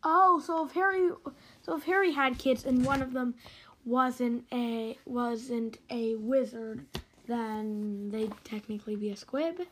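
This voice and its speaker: High-voiced curious woman asking questions. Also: fairly even intonation, slow pace, slight background noise, low-quality recording. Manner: curious, hesitant, full of questions. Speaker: listener.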